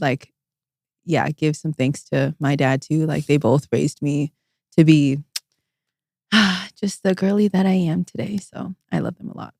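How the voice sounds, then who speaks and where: A woman's voice: low-pitched, creaky, a little mellow, no room sound, clean studio sound. A young woman from Las Vegas, a DJ guest in a casual interview, bubbly, laughing often and saying "like" a lot.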